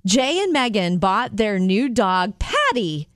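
Upbeat female co-host, laughs easily, mid-pitched voice, dry close-miked studio sound. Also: sing-song, slow pace, a bit bright, dry recording. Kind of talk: casual chat.

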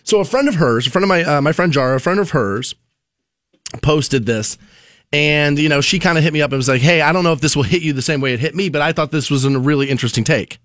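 A man's voice: a little high, fast talker, a bit bright, no room sound, clean studio sound. A man hosting a casual talk show, chatting in a rambling, conversational way with frequent restarts. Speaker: radio show host.

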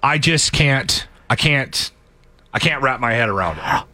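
A middle-aged man hosting a radio show in casual banter, emphatic and animated, often restarting his sentences. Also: mid-range voice, a little slow.

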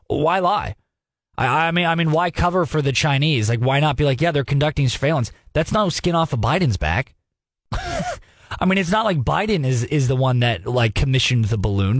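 Animated young male radio talk host. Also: on the high side, dry recording, clean studio sound. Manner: animated, sarcastic, mocking impressions with laughs. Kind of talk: conversational news commentary.

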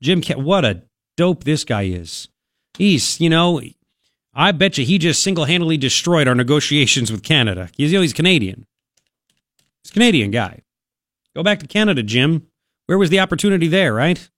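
A man hosting a talk radio show in a studio, delivering an opinionated monologue in a sarcastic, mocking, animated way. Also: fairly high pitch, normal speed, dry recording. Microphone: studio microphone.

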